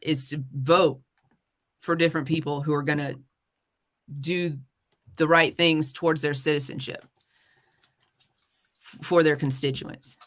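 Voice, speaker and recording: A woman's voice: sits low, steady tone, measured pace, pauses often. A woman hosting a live-streamed talk show, talking in a heated, swearing rant before turning to her guest. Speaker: podcast host.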